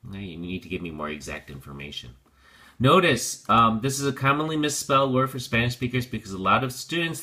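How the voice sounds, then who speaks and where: A man's voice: lowish voice, sharp tone. A man teaching an English vocabulary lesson, explaining patiently step by step with plenty of fillers.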